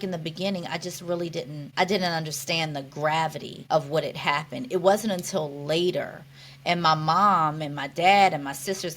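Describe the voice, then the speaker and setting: Earnest low-voiced woman reflecting. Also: fairly bright tone, a little hiss or hum. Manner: earnest, reflective, with many restarts and "you know". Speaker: podcast guest. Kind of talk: conversational interview.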